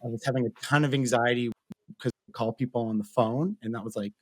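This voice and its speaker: A man's voice: medium pitch, fairly even intonation, fast, dry recording. A young man with a Canadian accent, earnestly telling his personal story as an interview guest, talking freely with many fillers. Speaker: guest, mental health advocate.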